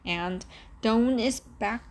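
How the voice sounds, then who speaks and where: A woman's voice: on the high side, drawn-out words, voice pushed up. A woman reading an audiobook, voicing a bratty, disgusted older sister with a whiny, scornful edge. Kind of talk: audiobook character voice.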